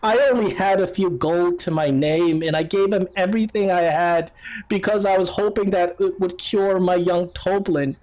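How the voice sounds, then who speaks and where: A man voicing a poor grieving mother who is halfway sobbing, in a high wavering voice. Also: slow pace, a little mellow.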